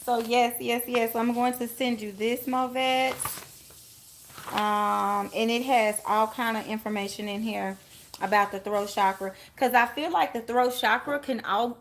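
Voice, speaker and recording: A chatty woman runs a live tarot reading and talks to her viewers by name. Her voice sits a little high, and she laughs easily as she rambles between cards. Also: fairly even intonation, a little slow, a little hiss or hum. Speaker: tarot reader.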